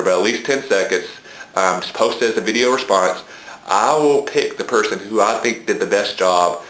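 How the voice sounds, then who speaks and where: A man with a Southern US drawl speaks in a low register, filling his casual book talk with frequent ums. The sound bounces around a reverberant room. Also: a bit bright. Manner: hesitant, many ums. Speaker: book reviewer. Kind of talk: casual video blog talk. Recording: echoey room.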